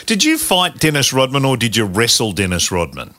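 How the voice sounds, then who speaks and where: A talk show co-host adding slow, amused interjections and questions. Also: mid-range voice, huge pitch swings, pushed and bright. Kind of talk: casual interview.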